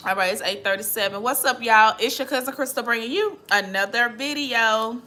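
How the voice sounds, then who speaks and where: A woman's voice: fairly high pitch, fairly quick, bright, forceful tone. A young adult woman, hosting a casual livestream and chatting animatedly with viewers, calling them girl and baby. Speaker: livestream host.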